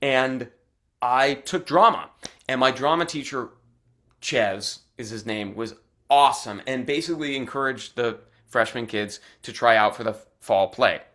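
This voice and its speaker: A young adult man from Arizona, an actor telling stories as a guest, animated and chatty with lots of "like" fillers. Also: medium pitch, a little slow. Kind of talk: casual storytelling in interview.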